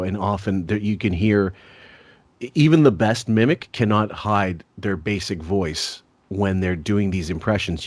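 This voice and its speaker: A man hosting a casual podcast, blunt and quick to curse, laughing between points. His voice sits low, and the recording is dry and close, with no room sound. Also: a little mellow, no echo. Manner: laughs often, blunt and profane. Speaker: podcast co-host.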